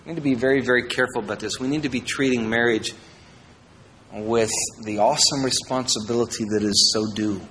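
A pastor from Iowa preaching a sermon, reading verses and adding jokey asides, swinging between loud and quiet. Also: male voice, mid-range voice, steady tone, brisk, long reverb tail, a little hiss or hum, rough recording.

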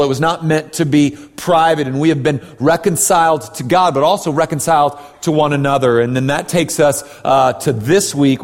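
A man preaching a sermon in a conversational style, often asking "right?" and restarting his sentences. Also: a little high. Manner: conversational preaching with frequent tag questions and restarts. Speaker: pastor. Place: church hall. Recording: reverberant hall.

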